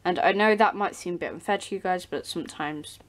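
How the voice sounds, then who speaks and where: A woman's voice: fairly low pitch, a little fast. A teenage girl, chatting casually to her viewers in a rambling way, with many ums and restarts. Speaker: doll channel vlogger. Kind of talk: casual vlog chat. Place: home, behind the camera.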